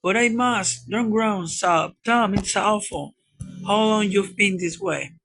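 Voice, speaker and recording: A man's voice: high voice, slow pace, gravelly, fairly bright tone, pitched above the performer's own voice, exaggerated voice. A man voicing an anxious young boy pleading urgently in a storybook reading. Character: anxious boy Sid, frightened younger brother.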